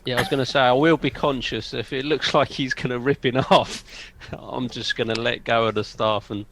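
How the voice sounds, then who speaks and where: Gravelly man making tentative suggestions. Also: medium pitch, fairly even intonation, brisk, noisy background. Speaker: tabletop game player. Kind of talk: casual game talk.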